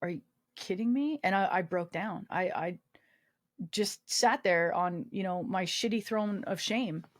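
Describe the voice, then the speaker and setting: A woman's voice: on the low side, measured pace. Candid, profane woman telling her story. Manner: profane, self-mocking humor with frequent fillers. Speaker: podcast guest, army veteran.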